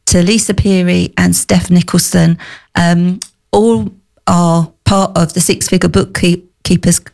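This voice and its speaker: A woman's voice: fairly low pitch, steady tone, slow pace, vocal fry. A middle-aged woman hosting a business talk show, chatty with lots of fillers. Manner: chatty, warm laughs, many fillers. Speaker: podcast host. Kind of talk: casual chat.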